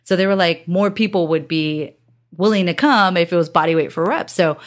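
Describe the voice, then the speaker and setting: A woman's voice: fairly low pitch, moderate pace. A woman hosting a podcast interview, chatting casually, acting out quotes and swearing now and then. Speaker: podcast host.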